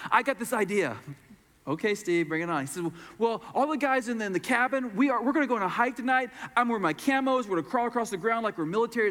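A middle-aged man preaches and tells a story from the pulpit. He acts out the people in it in a high, very lively voice. A long reverb from a large hall trails behind him. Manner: animated storyteller acting out voices. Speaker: pastor. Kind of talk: sermon storytelling.

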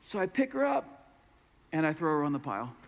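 A middle-aged man preaches and tells a story from the pulpit. He acts out the people in it in a high, very lively voice. A long reverb from a large hall trails behind him. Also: fairly quick, vocal fry, noisy background. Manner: animated storyteller acting out voices. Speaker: pastor. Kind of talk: sermon storytelling.

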